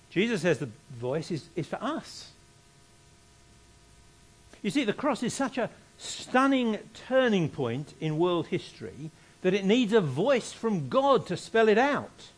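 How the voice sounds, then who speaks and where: Animated male preacher, lively pitch. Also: measured pace, slightly rough. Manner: expressive, emphatic, repeats key phrases. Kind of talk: sermon.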